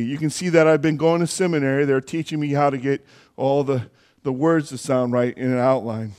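A man's voice: a little high, fairly quick, smooth. A man preaching a sermon in church, in a conversational way with asides and self-corrections.

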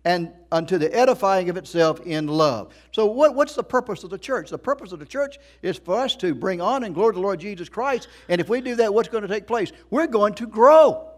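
His voice is high as this middle-aged man delivers a sermon as pastor. He speaks with emphasis, repeating himself and throwing rhetorical questions at the congregation.

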